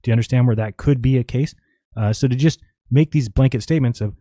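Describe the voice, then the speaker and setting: A man's voice: medium pitch, fast, mellow, no room sound. A man hosting a live stream, casually reading viewer questions aloud and answering them in a rambling, offhand way.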